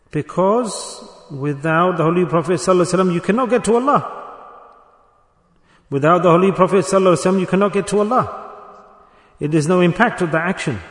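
A man preaching a sermon as a Sufi teacher, earnest and repetitive, building to emphatic bursts. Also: on the high side. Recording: echoey hall reverb.

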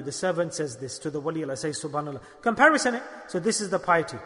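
High-voiced, bright preacher in a hall. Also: male voice, very animated, fast talker, few pauses. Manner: emphatic, repeats lines and asks the audience questions. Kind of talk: sermon. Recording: long hall reverb.

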